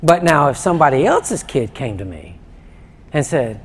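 A man preaching a sermon in a conversational way, often restarting and stammering, warming up as he goes. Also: fairly high pitch, very animated, moderate pace, creaky, slight background noise. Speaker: pastor.

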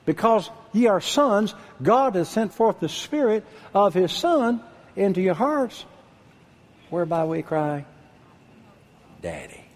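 An older man preaching a sermon, husky-voiced, dropping to a hush and then calling out loud. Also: sits high, measured pace. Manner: animated preaching, drops to a hush then shouts out. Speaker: pastor.

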